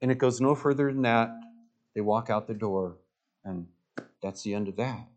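A man's voice: lowish voice, moderate pace. A man preaching a sermon as pastor, earnest and emphatic, with repeated words and direct questions to the congregation.

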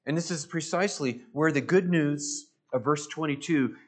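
A man's voice: a little high, moderate pace. A man preaching a sermon, emphatic, swelling and dropping his voice and repeating phrases for stress. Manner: emphatic, rising and falling for stress.

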